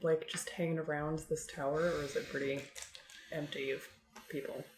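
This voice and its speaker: A woman's voice: deep voice, flat delivery, moderate pace, soft background music. A woman playing a tabletop game, hesitant and trailing off with ums. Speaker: player. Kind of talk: casual tabletop play. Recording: roomy echo with faint noise.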